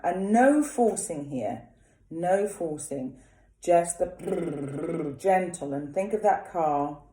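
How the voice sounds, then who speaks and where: A woman singing teacher leading a vocal warm-up, chatting casually and demonstrating lip trills and vowel exercises. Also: fairly low pitch, roomy sound.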